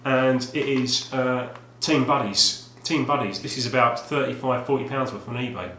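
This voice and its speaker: A man's voice: medium pitch, fairly even intonation, normal speed, pushed and bright. Rambling man in an echoey room. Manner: rambling, with many fillers and restarts. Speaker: retro game collector vlogger. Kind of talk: casual video talk. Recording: roomy echo, faint background hum.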